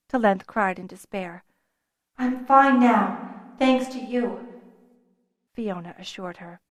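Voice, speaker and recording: A woman reads a fantasy audiobook in a measured, expressive voice at a mid-range pitch. The sound is close and dry, with no room around it. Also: dry recording. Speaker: audiobook narrator. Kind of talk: scripted audiobook narration.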